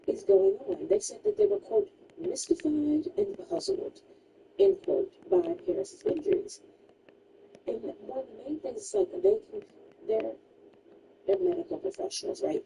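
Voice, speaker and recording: A woman's voice: extremely high pitch, very animated, measured pace, creaky, mellow, far from the mic, a little hiss or hum, low-quality recording. A woman streamer casually retelling a true crime story while gaming, emphatic and chatty, full of "like" asides.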